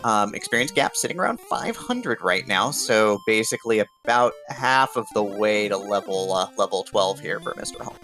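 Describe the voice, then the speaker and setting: A man's voice: lowish voice, expressive, moderate pace, hardly any pauses, pushed and bright, soft background music. A man commentating a video game tournament, upbeat and explaining the rules of the game to viewers. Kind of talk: esports play-by-play commentary.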